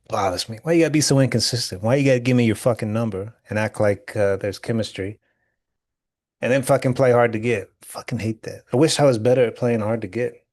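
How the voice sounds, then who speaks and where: A young man on a remote podcast call, blunt and crude and given to boasting. His voice sits at a middle pitch and sounds dry and close, with no room around it. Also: no room sound. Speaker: podcast co-host. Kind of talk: casual podcast chat.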